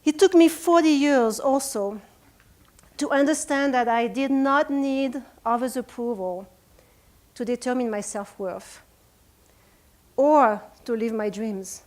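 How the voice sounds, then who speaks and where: A woman's voice: fairly high pitch, slow pace, pauses often, darkish tone. A woman in her forties with a French accent, giving an earnest, emotional motivational talk at a retreat. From France. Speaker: speaker. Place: retreat conference room.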